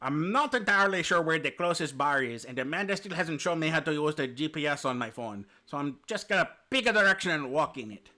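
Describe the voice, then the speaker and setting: A man's voice: a little high, animated, a little fast, hardly any pauses, bright, forceful tone. A man streaming a dating sim, reading the story aloud with playful, jokey asides.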